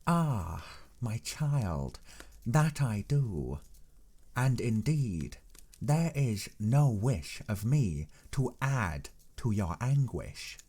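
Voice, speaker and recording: A man's voice: medium pitch, sing-song, dark tone, slightly rough, full character voice. Man voicing a grave old professor. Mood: earnest. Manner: measured, earnest persuading. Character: old learned male professor, grave and insistent. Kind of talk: audiobook reading.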